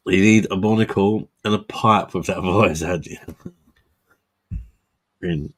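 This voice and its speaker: A man's voice: low-pitched, takes it slowly, long pauses. A man hosting a casual drinking livestream, tipsy, swearing and laughing often. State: drunk. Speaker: host.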